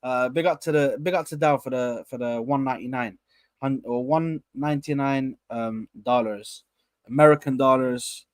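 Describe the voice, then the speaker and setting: A young man hosting a casual live stream, rambling and repeating himself as he gives shout-outs to viewers. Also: mid-range voice, moderate pace, no room sound, studio quality.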